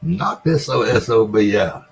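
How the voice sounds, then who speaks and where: An older man quoting a loudmouthed Southern doctor. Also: mid-range voice, expressive, slow pace, gravelly, husky, heavily acted. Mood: brash. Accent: Mississippi Delta Southern. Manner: loudmouthed, blunt. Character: loud brash older male Southern doctor.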